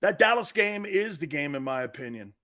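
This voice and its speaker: A man hosting a sports talk stream, reading fan comments and trash-talking in loud, brash bursts. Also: on the high side, very animated, fairly quick. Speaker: sports talk show host.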